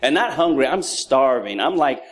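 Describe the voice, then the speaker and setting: Speaking at a moderate pace with medium pitch, this thirty-something man preaches a sermon full of humorous tales about his boys. He animatedly imitates his kids' voices while drawing out lessons on being a father.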